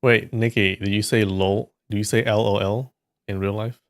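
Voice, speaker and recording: Man, live stream host, casual joking chat, low pitch, dry sound. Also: level tone, normal speed, no echo. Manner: joking, teasing banter with frequent laughs.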